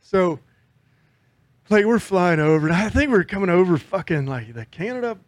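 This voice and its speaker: A man's voice: sits high, expressive, moderate pace, no room sound. A man co-hosting a podcast, telling loose, profane stories in casual chat. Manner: loose, profane storyteller, lots of fillers. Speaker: podcast co-host.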